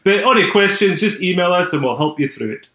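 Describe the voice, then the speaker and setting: A man's voice: high voice, expressive, fairly quick, sharp tone. Easygoing Scottish man in a roomy echo. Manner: easygoing, explaining step by step. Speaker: radio technician.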